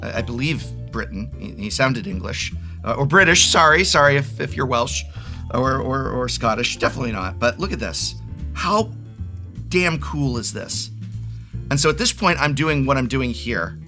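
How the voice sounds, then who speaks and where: A man in his forties with a bright, forceful voice, opening cards and chatting with rambling enthusiasm. He often trips over and restarts his sentences as he gets excited. Faint music plays behind him. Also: mid-range voice, normal speed. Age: 40s. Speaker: card game video host. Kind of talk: excited unboxing chat.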